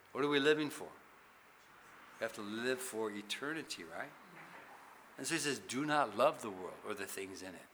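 A man preaching a sermon, asking the congregation many questions and swinging between loud emphasis and hushed passages. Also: mid-range voice, a little hiss or hum. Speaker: pastor.

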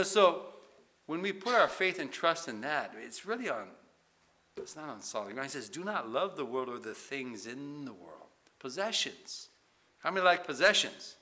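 Bright-voiced man preaching a sermon. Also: mid-range voice. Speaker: pastor.

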